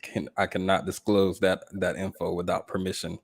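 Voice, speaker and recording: A man from Georgia with a Southern accent, a guest in a casual livestream chat, joking in a dry, deadpan way. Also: low voice, normal speed, vocal fry.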